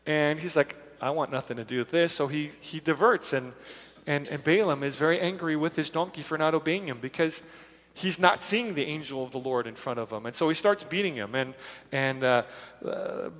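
A man delivering a sermon in a relaxed, conversational style. His voice sits a little high for a man, and he retells scripture casually, slipping into the characters now and then. Everything rings out with the long reverb of a large hall. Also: normal speed. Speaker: pastor.

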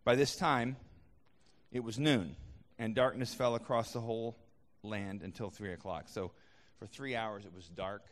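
A man's voice: fairly low pitch, fairly even intonation, unhurried, long reverb tail. A man preaching a sermon as a pastor, conversational, with frequent restarts and fillers.

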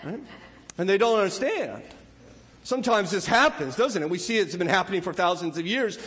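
A man's voice: sits high, sing-song, brisk, fairly bright tone, big-room sound. A man preaching a sermon in a conversational way, often repeating words and playfully acting out the voices of people in the story. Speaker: pastor.

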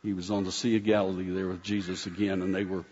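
A man's voice: sits low, level tone, fast, a little mellow, slight background noise. A man preaching a conversational sermon in a folksy, rambling way, often restarting his sentences. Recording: dull sound with long hall reverb.

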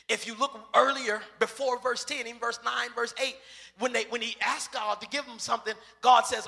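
A man preaching a lively sermon, acting out the voices of bible characters and shouting for emphasis. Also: extremely high pitch, fairly quick, gravelly. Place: church sanctuary. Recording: reverberant church hall.

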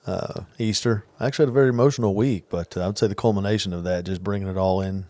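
Man, low voice, casual podcast chat, earnest storyteller, dry close sound. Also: very fast, warm tone, dry recording. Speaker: podcast co-host.

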